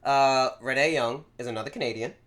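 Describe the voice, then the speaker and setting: A man of middle pitch co-hosting a casual podcast. He recaps events with animated storytelling and slips into quick acted-out quotes. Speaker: podcast co-host.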